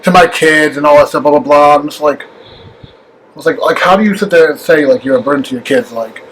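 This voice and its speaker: Male co-host, quick and higher-pitched, exasperated casual rants, faint background hum. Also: fairly bright tone, breathy edge, poor audio. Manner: fast, filler-heavy, exasperated rants. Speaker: podcast co-host. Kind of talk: casual chat.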